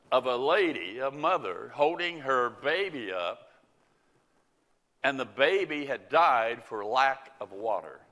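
A man preaching a sermon in slow, deliberate phrases, his voice bright and ringing. His earnest delivery swells into pleading questions, and the sound carries a long reverberant hall tail. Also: mid-range voice. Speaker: pastor. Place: Indianapolis area.

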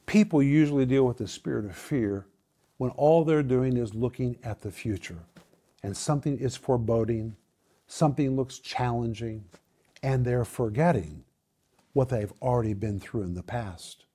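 Man preaching with a dark mellow voice. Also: normal speed, breathy edge. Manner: preaching with dramatic pitch swings; addresses listeners as "my friends". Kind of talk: sermon.

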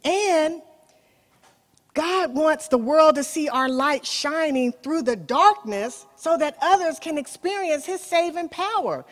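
Animated woman preaching in an echoing hall. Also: high-pitched, takes it slowly. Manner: animated storytelling, addresses listeners directly. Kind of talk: sermon.

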